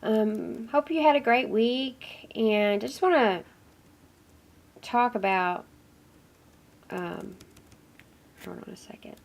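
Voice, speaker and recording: A woman teaching an online course in an informal recorded lecture. She has a cold, so her voice is nasal and hoarse at times, and she rambles with fillers and apologies. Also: fairly high pitch, slow, long pauses, a little hiss or hum. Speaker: course instructor.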